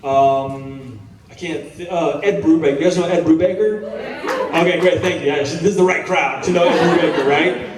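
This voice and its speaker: A man's voice: fairly high pitch, normal speed. Laid-back chatty man, thirties, slightly raised voice, echoey convention hall, distant mic. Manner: laid-back, chatty, self-deprecating, swears casually. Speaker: actor answering fan questions on a panel. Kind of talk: casual storytelling Q&A.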